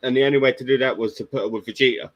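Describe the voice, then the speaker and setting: A man's voice: medium pitch, steady tone, racing, lo-fi sound. A man co-hosting a casual podcast chat, chatty and a bit hesitant. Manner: chatty, hesitant with fillers, laughs at jokes. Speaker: podcast co-host.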